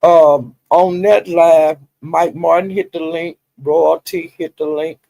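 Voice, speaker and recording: Here a livestream commentator gives casual gossip commentary, laughing as he animatedly acts out quotes from online drama. His fairly high voice is creaky and slow-paced. Audio quality is poor, with no room sound.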